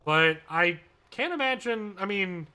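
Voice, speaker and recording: Bright-voiced male esports caster. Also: high voice, expressive, clear, resonant tone. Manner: brisk, chatty, with asides. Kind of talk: live play-by-play commentary.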